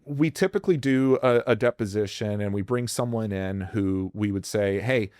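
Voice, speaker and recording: Blunt, animated man giving frank advice. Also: lowish voice, moderate pace, no echo, studio quality. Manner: blunt, profane, animated, acts out quoted voices. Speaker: employment lawyer guest. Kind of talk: candid advice in a podcast interview.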